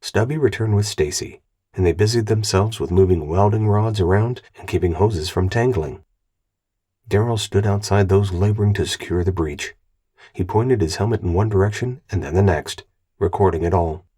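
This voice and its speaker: Low husky guy reading an audiobook, steady and even. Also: moderate pace. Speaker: audiobook narrator. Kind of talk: scripted narration.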